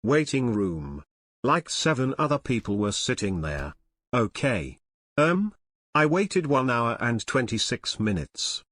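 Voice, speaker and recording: A man's voice: medium pitch, very animated, takes it slowly, fairly bright tone, dry recording. A synthetic male voice reading a chat message aloud, spelling out abbreviations letter by letter.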